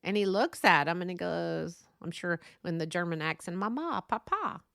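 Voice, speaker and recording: Middle-aged woman, lowish voice, podcast host storyteller, chatty and digressive, dry close mic. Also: fairly even intonation, moderate pace, vocal fry, fairly bright tone, clear, resonant tone, no room sound. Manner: chatty, rambling with asides and restarts. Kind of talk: casual storytelling.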